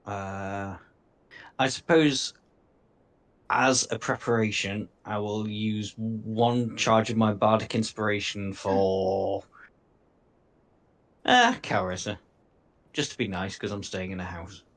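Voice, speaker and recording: Easygoing player, slow unhurried delivery, mid pitch. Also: fairly bright tone. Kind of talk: tabletop role-play.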